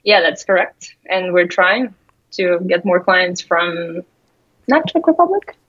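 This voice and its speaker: A woman's voice: on the low side, very animated, takes it slowly, a bit bright, lo-fi sound. Woman, guest. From Russia. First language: Russian. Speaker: guest, graphic designer. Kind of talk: casual interview.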